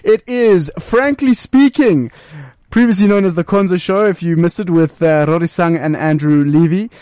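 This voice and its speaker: A man's voice: a little high, level tone, fairly quick, a little mellow, no echo, studio quality. A man co-hosting a radio talk show, teasing and jokey. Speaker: radio co-host.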